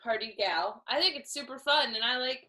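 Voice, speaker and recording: A woman comedy writer chatting as a guest, enthusiastic and quick with joking asides. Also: fairly high pitch, pushed and bright, low-quality recording. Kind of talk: casual chat.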